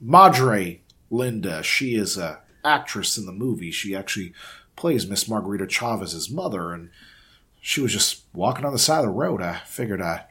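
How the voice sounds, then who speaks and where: A man's voice: on the low side, lively intonation, moderate pace, bright, forceful tone, breathy edge, exaggerated voice. A man voicing an eager, apologetic grown man who stammers sheepishly.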